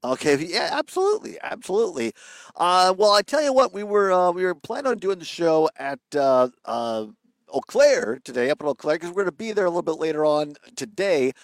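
A man's voice: high-pitched, sing-song, a little fast, no echo. A man hosting a live radio talk show from outdoors, chatty and rambling. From Wisconsin. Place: outdoors on a riverbank.

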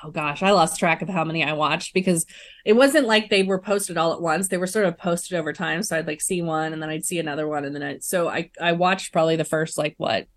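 A woman's voice: low-pitched, a little fast, no echo. A woman co-hosting a political talk chat, emphatic and indignant, with lots of fillers. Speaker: podcast co-host.

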